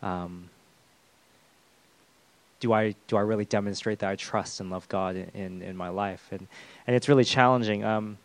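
A man's voice: on the low side, steady tone, moderate pace, long pauses, dry recording. Hesitant man preaching a sermon. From the West. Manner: hesitant, with many fillers and restarts.

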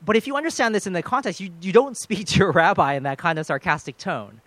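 A man's voice: sits high, fast talker, no echo. Earnest male preacher, dry close sound. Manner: earnest, acts out quoted voices softly. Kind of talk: sermon.

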